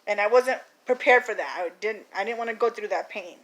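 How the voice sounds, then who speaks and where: Woman vlogger, mid-range voice, lively anecdote told to camera, slips into other people's voices. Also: medium pitch, fairly quick. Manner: animated, acts out the people in her story, laughs often. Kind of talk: casual storytelling to camera.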